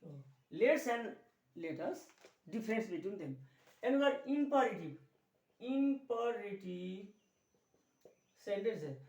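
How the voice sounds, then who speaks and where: Male grammar teacher, Nepali accent, slow drilling delivery; echoey room, distant mic. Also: very high-pitched, darkish tone, dull audio. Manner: slow, repetitive, drills key words, mixes Nepali explanations into English. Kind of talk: classroom grammar lesson.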